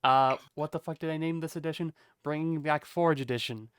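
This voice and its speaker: A man's voice: on the high side, steady tone, a little fast, fairly bright tone, clean tone, dry recording, studio quality. A man hosting a tabletop game stream in casual, wry talk, swearing now and then. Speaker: stream host. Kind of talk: casual gaming-stream chat.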